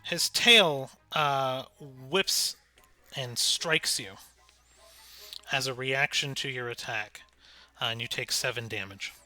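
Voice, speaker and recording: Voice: medium pitch, slow, bright, forceful tone. A game master running a tabletop game, laid-back and chuckling between rulings.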